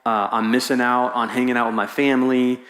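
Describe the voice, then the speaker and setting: A man preaching a sermon as pastor, telling a story in a lively way and acting out the voices of the people in it. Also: medium pitch, a little fast. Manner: animated storytelling, acts out quoted voices. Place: large church hall. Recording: echoey hall.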